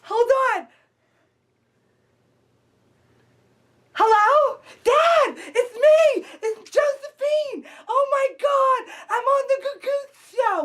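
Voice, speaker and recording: Eager young woman in glasses, played by a woman; very high, breathless, gushing, for an improv sketch. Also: a bit bright, far from the mic, heavily acted. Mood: overjoyed. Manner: gushing, breathless, giggly, rambling.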